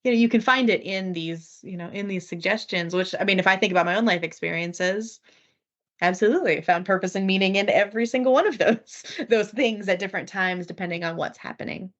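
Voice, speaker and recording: A woman's voice: medium pitch, a little fast, fairly bright tone, muffled recording. A woman co-hosting a podcast, speaking thoughtfully and unhurriedly about her own experiences. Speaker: podcast co-host. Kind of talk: casual podcast discussion.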